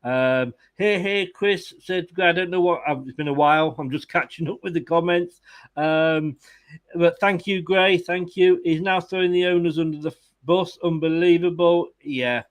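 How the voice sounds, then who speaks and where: Male football fan host, high pitch, exasperated, casual post-match chat. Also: normal speed. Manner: exasperated, swears, reads comments aloud. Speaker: fan channel host reading viewer comments.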